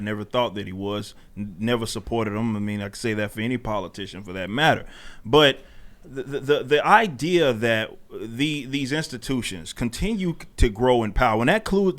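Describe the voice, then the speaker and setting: A man's voice: medium pitch, a bit bright. A man who is a guest on a political talk show, speaking bluntly and emphatically with frequent restarts.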